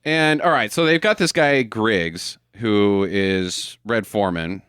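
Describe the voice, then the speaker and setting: A man's voice: lowish voice, slow, clear, resonant tone, no echo, studio quality. A man co-hosting a casual podcast, riffing jokily on an action movie and slipping into mock voices. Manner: animated, jokey, swings into mock voices. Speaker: podcast co-host.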